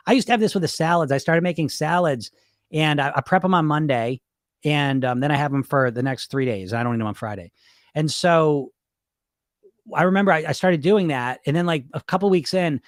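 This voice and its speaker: A middle-aged weight loss coach hosts a podcast in a casual, live-stream style of advice talk. His voice is a little high, recorded dry with studio quality, and he animatedly acts out his inner voices as dialogue, often dropping "right?" and "you know?".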